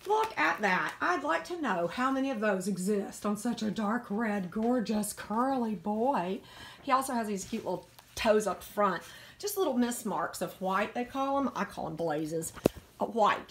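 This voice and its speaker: A middle-aged dog breeder from Virginia, USA, gushes over a puppy in a casual home video shot on a phone, using doting baby talk. Her voice is medium-pitched with lively intonation at a normal speed, and there's slight background noise.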